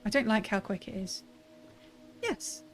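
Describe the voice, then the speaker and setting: Streamer, woman, casual game commentary, chatty and self-correcting, mid pitch, faint music under her. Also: fairly even intonation, a little fast.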